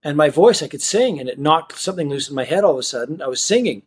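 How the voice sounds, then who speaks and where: Animated man telling a story. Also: fairly high pitch, quick pace, slightly rough. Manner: animated storyteller acting out quoted dialogue. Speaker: magician and guest. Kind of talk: casual storytelling in an interview.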